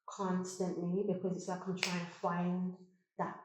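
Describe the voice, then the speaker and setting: A woman telling a personal story on a podcast, animated and often laughing. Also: fairly low pitch, measured pace, background noise. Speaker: podcast guest. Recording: very echoey room.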